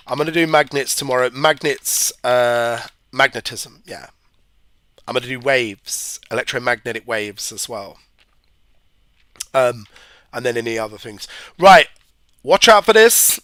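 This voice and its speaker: A man's voice: mid-range voice, sharp tone, no room sound. A man with hay fever, giving a chatty, rambling live-stream physics revision lesson and talking to his viewers. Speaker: physics tutor.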